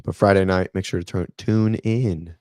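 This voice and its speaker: Man in his thirties, fitness host, low gravelly voice, laid-back rambling livestream chat. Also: fairly even intonation, normal speed, a little mellow, dry recording, clean studio sound. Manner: rambling, laid-back, talks to viewers by name. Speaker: fitness coach and channel host.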